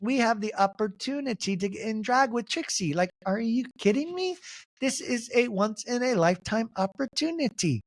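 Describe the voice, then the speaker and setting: A man's voice: very high-pitched, moderate pace. A man hosting a solo podcast, recapping a reality show and acting out the quotes in mimicking voices. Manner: animated, mimics cast members' voices. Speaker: podcast host.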